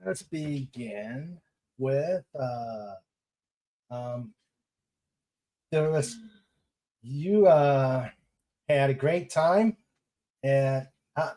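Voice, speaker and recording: A podcast host chatting casually, hesitant and full of pauses, reading out viewer messages. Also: medium pitch, warm tone, low-quality recording. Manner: hesitant, many fillers and restarts.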